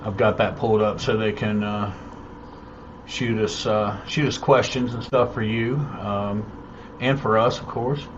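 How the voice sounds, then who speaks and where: A man hosting a live-stream show in a rambling, halting, easygoing way. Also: lowish voice, fairly even intonation, highs cut off, background noise. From North Carolina, USA. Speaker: show host. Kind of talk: casual live-stream chat. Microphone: desk microphone on a live stream.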